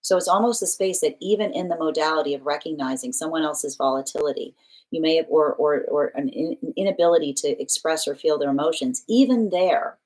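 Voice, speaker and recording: A woman's voice: deep voice, a little mellow, poor audio. A woman giving a live tarot reading to a client, earnest and explanatory, often repeating herself. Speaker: tarot reader.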